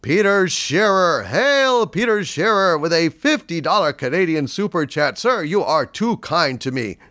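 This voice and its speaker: A man talking casually on a live stream, his pitch swinging up and down as he goes. He stumbles and repeats himself and swears freely. The sound is close and dry, with no room around him. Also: sing-song, unhurried, pushed and bright, no room sound. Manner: rambling, stammers and repeats words, swears casually. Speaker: livestream host reading viewer donations. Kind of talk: casual unscripted chat.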